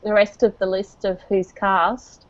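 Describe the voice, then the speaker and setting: A woman's voice: medium pitch, flat delivery, measured pace. A woman, thinking aloud in a casual book club chat. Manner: chatty, thinks aloud with fillers. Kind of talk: casual discussion. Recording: dull lo-fi sound.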